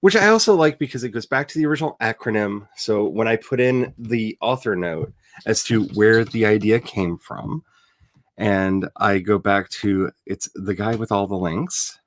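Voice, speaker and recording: A man's voice: on the low side, moderate pace, dry recording, clean studio sound. A man talking casually on a livestream as he builds his fictional world, chatty and playful, addressing his viewers and grumbling at his browser.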